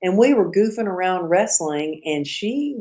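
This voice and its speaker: Middle-aged woman, podcast guest; low-ish voice, animated storyteller voicing the quotes. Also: unhurried. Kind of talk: casual storytelling.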